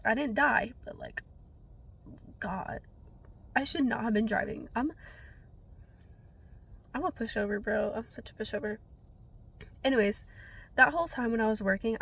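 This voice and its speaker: A woman's voice: a little high, vocal fry. A young woman vlogging casually to camera while sniffly from being sick, rambling and self-deprecating with lots of filler words. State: sniffly from a cold.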